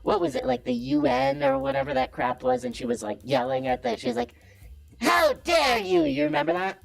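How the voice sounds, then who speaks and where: In a full character voice that's creaky and a little fast with huge pitch swings, a caller performs a comedic impression on a call-in show. The target is a boastful self-styled male business guru: smug, cocky, evasive and defensive.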